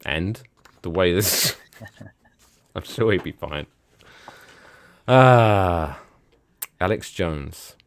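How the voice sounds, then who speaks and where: A man co-hosting a casual sports podcast, joking and sarcastic, with swearing and quick tangents. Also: deep voice, a bit bright, no echo. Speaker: podcast co-host.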